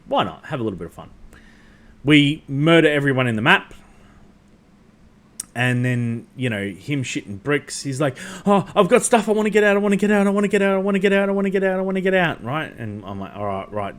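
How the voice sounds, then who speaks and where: A man hosting a casual livestream chat, rambling with many ums and restarts and swearing freely. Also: mid-range voice. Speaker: host.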